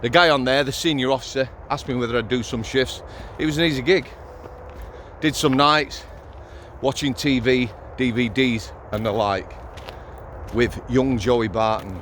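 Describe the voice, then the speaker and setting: A man's voice: medium pitch, steady tone, moderate pace, a bit bright. Middle-aged man, ex-prison officer vlogger; blunt, sweary storytelling, outdoors with faint street noise. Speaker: former prison officer, channel host. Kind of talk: casual vlog storytelling.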